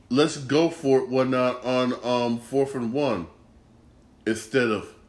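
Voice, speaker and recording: A frustrated man talks through a football loss on his own sports podcast, swearing freely and circling back over the same points. His voice sits at an ordinary middle pitch, and his disgust stays plain the whole way. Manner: frustrated, swears often, repeats himself. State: upset and disgusted. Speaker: podcast host. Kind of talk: casual sports rant.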